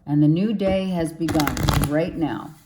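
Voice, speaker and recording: A woman's voice: sits low, unhurried, background noise. A woman tarot reader giving an earnest, encouraging and emotional spiritual pep talk to the camera.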